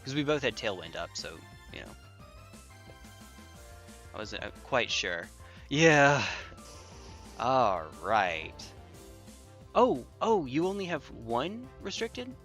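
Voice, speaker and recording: A man chats casually as he streams online battles, joking and thinking aloud while he repeats himself. His delivery is unhurried, but his pitch swings widely. Faint music plays behind him. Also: very animated, a bit bright. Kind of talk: casual livestream commentary.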